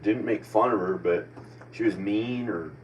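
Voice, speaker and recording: Low-voiced guy in his 40s, country accent, rambling and second-guessing himself, far from the mic with faint hiss. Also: measured pace. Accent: American country. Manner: meandering, self-questioning, many restarts. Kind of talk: rambling personal monologue. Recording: distant mic with faint background noise.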